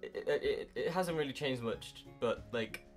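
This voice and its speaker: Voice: medium pitch, unhurried, soft background music. A young adult in their early twenties, chatting casually to camera in a rambling, self-mocking way with casual swearing. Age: early 20s. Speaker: YouTuber. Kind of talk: casual vlog chat.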